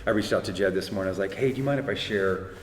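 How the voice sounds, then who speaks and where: A man's voice: on the low side, racing, slight background noise. A middle-aged man earnestly retelling a faith story, full of quoted speech, in casual conversation. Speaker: guest speaker. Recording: roomy hall reverb, faint ambience.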